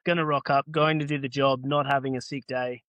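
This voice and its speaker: A man's voice: medium pitch, level tone, fairly quick, a bit bright, dry recording, lo-fi sound. A man with an Australian accent, a podcast guest who runs an earthmoving business, telling stories casually and acting out both sides of past conversations. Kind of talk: casual storytelling.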